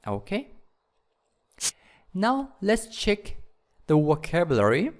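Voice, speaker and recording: A man teaching English vocabulary to schoolchildren, repeating each word slowly so learners can follow. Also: on the high side, sing-song.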